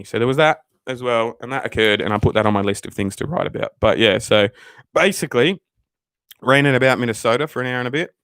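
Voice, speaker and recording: A man's voice: medium pitch, fairly bright tone, clear, resonant tone, no room sound. A man hosting his channel, telling stories in a swearing, ranting way. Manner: profane, ranting, storytelling. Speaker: channel host. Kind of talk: casual livestream chat.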